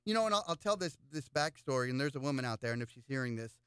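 A man's voice: mid-range voice, racing, clean tone, no room sound, studio quality. A man running for local office, talking casually in an interview and telling stories with lots of repeated words. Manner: animated storyteller with frequent repeated words. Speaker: political candidate. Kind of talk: casual interview chat, storytelling.

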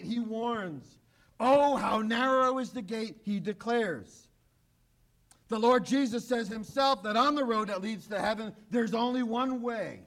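Emphatic in his sermon, this male pastor returns to key phrases again and again, frequently sinking his voice low and hushed.

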